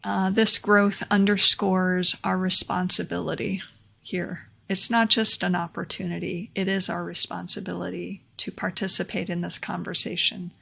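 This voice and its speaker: A woman's voice: lowish voice, flat delivery, normal speed, creaky, a bit bright, husky. A young adult woman vlogging her takeaways in a casual, earnest explainer, repeating key points for emphasis, recorded at home. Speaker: vlogger sharing talk takeaways. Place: home room near a window.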